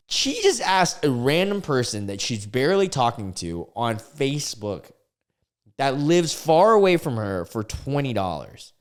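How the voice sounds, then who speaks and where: A young man hosting a casual online video, reacting to posts in a halting way and often stumbling and restarting his words. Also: medium pitch, big pitch swings. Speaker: YouTube reaction host.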